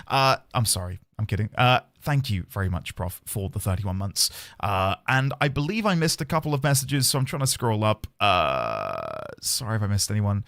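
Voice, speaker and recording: A man streams a video game over game music, chatting casually with viewers in a rambling, jokey manner. His medium-pitched voice is brisk and fairly bright with big pitch swings, captured in clean studio sound with no room sound.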